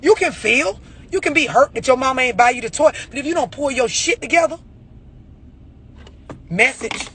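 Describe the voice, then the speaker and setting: A man's voice: extremely high pitch, expressive, quick pace, a bit bright, a little hiss or hum. A man giving a blunt, profane motivational rant about overreacting, full of rhetorical questions. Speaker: motivational speaker.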